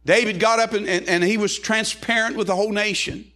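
A man's voice: high voice, steady tone, fairly quick, sharp tone. A male pastor preaching a sermon, reading scripture aloud and repeating phrases in a rising and falling preaching cadence.

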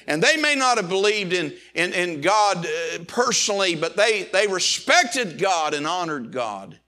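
A man's voice: high voice, sharp tone. A middle-aged man preaching a sermon with impassioned delivery, often repeating and restarting words as he goes. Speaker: pastor.

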